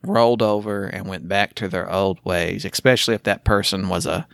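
A man's voice: low voice, fairly even intonation, normal speed, gravelly, fairly bright tone, no room sound. A man co-hosting a podcast, joking and teasing through casual banter and laughing often. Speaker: podcast co-host.

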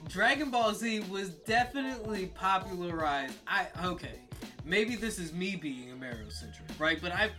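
A man's voice: high voice, animated, normal speed, music in the background. A man co-hosting a podcast in casual banter, joking and arguing. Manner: joking, argumentative. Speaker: podcast co-host.

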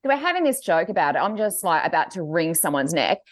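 A woman co-hosting a podcast tells a story in a casual chat. Her pitch swoops widely as she acts out the quoted voices. The sound is dry and close. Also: quick pace, no room sound. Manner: animated storytelling, acting out quotes. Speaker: podcast co-host.

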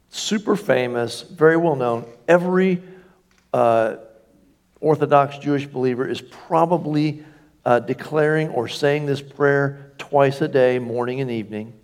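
A man's voice: medium pitch, unhurried, a little mellow. A man preaching a sermon in a church, emphatic, lifting his voice on key phrases and asking the congregation for agreement. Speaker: pastor.

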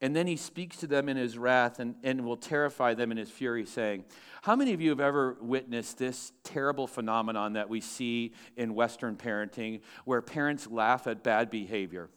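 A male pastor preaching a sermon with lively swings between loud, emphatic lines and hushed, low asides. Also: moderate pace, clean tone.

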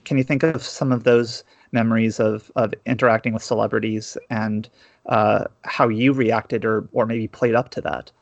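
A man's voice: on the low side, flat delivery, normal speed, vocal fry, dry recording. Hesitant male podcast host on a dull dry mic. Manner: hesitant, repeats words as he frames questions. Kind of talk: casual interview questions.

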